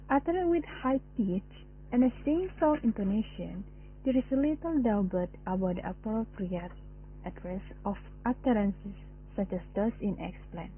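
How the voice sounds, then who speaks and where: A woman's voice: medium pitch, animated, measured pace, slight background noise. A young woman with an Indonesian accent, reading a class presentation aloud in a careful way. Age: young adult. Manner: careful, read-aloud delivery. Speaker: student presenter. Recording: phone-like narrow sound.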